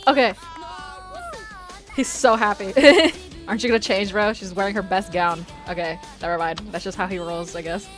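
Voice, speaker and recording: A woman giving excitable, foul-mouthed commentary on a life-sim game, squealing and shouting at what happens. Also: medium pitch, normal speed, music in the background. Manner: excitable, swears a lot, squeals and shouts in bursts. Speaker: gamer.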